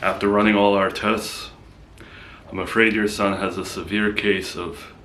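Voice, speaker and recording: A man voicing a matter-of-fact hospital doctor who delivers a diagnosis in a measured, clinical way. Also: lowish voice, flat delivery, fairly bright tone, slight background noise.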